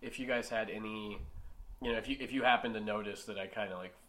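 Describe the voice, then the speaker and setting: A man co-hosting an improv comedy podcast, loud, profane and laughing a lot. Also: fairly low pitch, quick pace. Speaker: podcast co-host.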